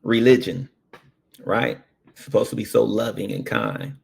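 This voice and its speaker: A man, a paramedic, telling a personal story in an animated, earnest way. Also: fairly low pitch. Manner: slow, gravelly, animated storytelling.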